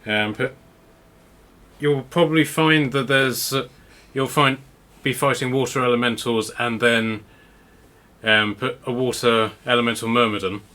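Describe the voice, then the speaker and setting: A man's voice: mid-range voice, fairly even intonation, unhurried, sharp tone. A man voicing an officious officer who speaks through a magic sending stone and questions the party. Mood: advising.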